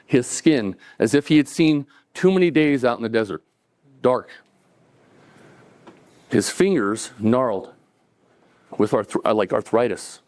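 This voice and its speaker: A man's voice: medium pitch, a little slow, long pauses, no echo. Conversational man telling a personal story. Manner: relaxed, conversational, with chuckles and acted-out quotes.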